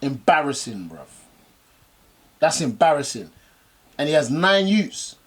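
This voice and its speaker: A man's voice: fairly high pitch, very animated, unhurried, husky. A man, co-hosting a podcast in casual, slangy chat and laughing often. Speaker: podcast co-host.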